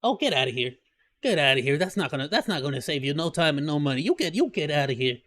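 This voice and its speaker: Brief: excitable male streamer, bright, very animated, reacting and joking. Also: fairly high pitch, quick pace, soft background music. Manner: excitable, joking, laughs often. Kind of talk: live reaction stream commentary.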